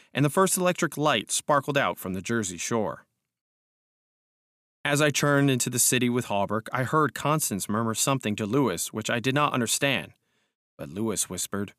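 A man reads a gothic tale in an even, measured way, his voice sitting in the middle of the usual male range. The sound is close and dry, with no room around it. His speech tags fall low and soft. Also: no echo. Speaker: audiobook reader, guest host. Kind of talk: storybook narration.

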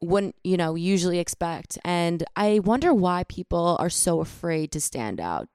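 Low, lively supportive woman co-host. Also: moderate pace, smooth, no echo, clean studio sound. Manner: supportive, affirming. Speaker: podcast co-host. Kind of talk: casual interview chat.

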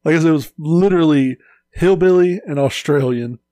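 A man's voice: fairly high pitch, fairly quick, mellow, no room sound, clean studio sound. A young man co-hosting a podcast, chatting casually in a laid-back, joking way, swearing and laughing often. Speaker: podcast co-host. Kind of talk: casual chat.

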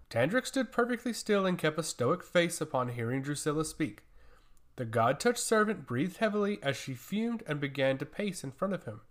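A man's voice: a little high, very animated, moderate pace. A man reading a fantasy story aloud as the narrator, in a dramatic storytelling manner.

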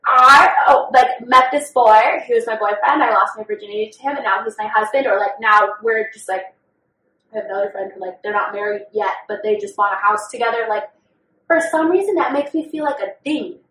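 A woman's voice: fairly high pitch, brisk, sharp tone. A young woman co-hosting a podcast, talking in a candid, profane, oversharing way about her own life. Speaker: podcast co-host. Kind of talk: candid casual chat. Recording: roomy sound from a distant mic.

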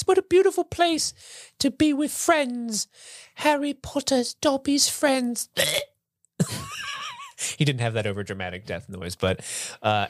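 A man co-hosting a podcast who retells a film plot quickly, laughs a lot and often slips into voices. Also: fairly low pitch, no room sound, clean studio sound. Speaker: podcast co-host. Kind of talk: casual movie review chat.

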